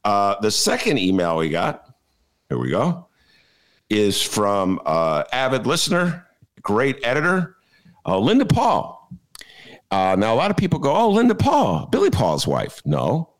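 A podcast host with a lowish voice speaks unhurriedly, his pitch swooping wildly. He rambles through jokey, digressive chat full of filler "uh"s, laughing at his own jokes.

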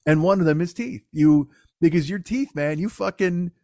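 A man hosting a comedy podcast, riffing in a rambling, profanity-heavy, animated way. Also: on the high side, normal speed, dry recording, clean studio sound. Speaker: podcast host.

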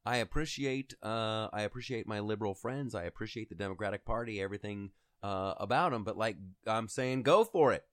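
A man's voice: fairly quick, hardly any pauses, a bit bright, clear, resonant tone, dry recording, clean studio sound. A man from Ohio hosting a casual comedic chat show, rambling and joking, with frequent fillers. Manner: jokey, rambling, slips into high mock voices. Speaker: podcast host.

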